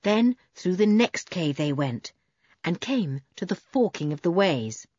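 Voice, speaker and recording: A woman reading a children's adventure story aloud with expressive narration. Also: lowish voice, measured pace, breathy edge, no room sound, lo-fi sound.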